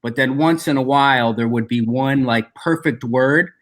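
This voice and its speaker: A man's voice: mid-range voice, moderate pace. A man, a stand-up comedian, chatting as a podcast guest, telling stories animatedly with many restarts. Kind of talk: casual chat.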